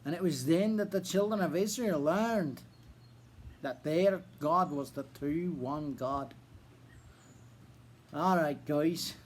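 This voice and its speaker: Slow man telling a tale in a fake Irish accent. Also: fairly high pitch. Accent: put-on Irish. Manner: slow, deliberate storytelling with folksy asides. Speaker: ministry storyteller. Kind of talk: Bible story retelling.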